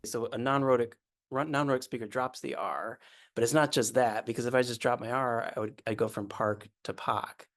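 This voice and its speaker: A man's voice: medium pitch, fairly even intonation, brisk. A man, a sociolinguist, explaining speech sounds in an interview.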